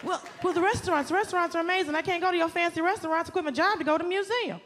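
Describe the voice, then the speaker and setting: A high-pitched woman doing stand-up comedy into a handheld stage mic, animated and exasperated, punching her lines up to a shout. A loud crowd laughs and applauds around her in a club. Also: rapid-fire, background noise. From Southern US, Atlanta. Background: audience laughter and ambience.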